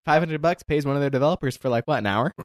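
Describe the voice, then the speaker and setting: A man's voice: on the high side, very fast, no echo, clean studio sound. A man co-hosting a casual gaming podcast, playful and jokey, easily sidetracked by his own ideas. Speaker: podcast co-host.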